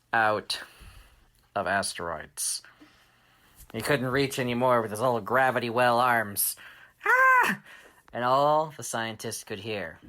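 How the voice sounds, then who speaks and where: A man hosting a children's story podcast, telling an improvised tale with shouted sound effects and dramatic hushed asides. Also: mid-range voice.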